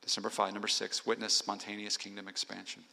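A man's voice: fairly low pitch, completely flat delivery, quick pace, gravelly, sharp tone, slight background noise. A male pastor preaching an earnest sermon in a church, exhorting the congregation point by point. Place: church sanctuary. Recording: long hall reverb.

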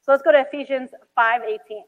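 A woman's voice: high-pitched, fairly even intonation, quick pace. A woman in her thirties preaching a sermon, telling stories animatedly with acted-out quotes and many "like"s. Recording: dull hall recording.

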